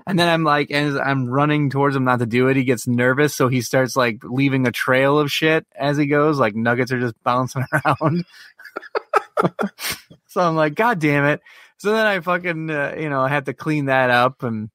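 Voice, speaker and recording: A man's voice: mid-range voice, normal speed, a bit bright, no room sound, clean studio sound. A man co-hosting a podcast, telling a long, profane story in casual chat. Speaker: podcast co-host.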